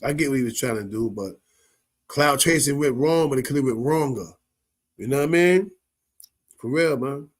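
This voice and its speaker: A man's voice: mid-range voice, normal speed, long pauses. A man giving casual, slangy commentary as a show host, often laughing and asking "you know what I mean". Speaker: show host reacting to viral clips.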